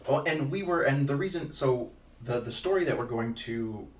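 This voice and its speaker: Dad chatting on a podcast, rambly and jokey, sits back from the mic, roomy echo, faint hiss. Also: male voice, medium pitch, expressive, normal speed. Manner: rambling and playful, with frequent ums and restarts. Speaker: podcast co-host and father. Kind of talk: casual chat. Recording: echoey room, distant from the mic, faint noise.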